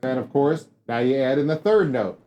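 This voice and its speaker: A man giving a casual drum lesson, talking straight to viewers in a relaxed, upbeat way. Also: medium pitch, fairly quick, dull audio, over music. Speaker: drum teacher. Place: drum studio.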